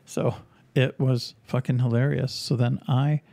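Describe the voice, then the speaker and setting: A man hosting a podcast, casually telling an animated story and acting out the voices of people in it. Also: mid-range voice, unhurried, vocal fry, no echo. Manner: animated anecdote telling, acts out quoted voices. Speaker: podcast host and author.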